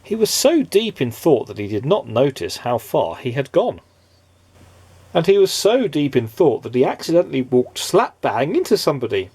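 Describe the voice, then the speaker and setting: A man reading a children's picture book aloud, expressive and playful. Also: mid-range voice, normal speed, husky, no echo. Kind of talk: storybook read-aloud.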